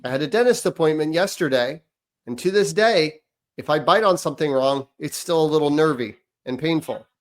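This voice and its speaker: A man co-hosting a parenting podcast who tells stories in a lively, animated way and often trails off into fillers. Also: fairly high pitch, brisk. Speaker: podcast co-host. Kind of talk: casual chat.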